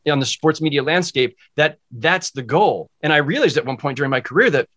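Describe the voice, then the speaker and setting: A man's voice: on the high side, lively intonation, fairly quick, fairly bright tone. A man who is a guest sportswriter on a podcast, speaking in casual chat in a reflective, heartfelt way.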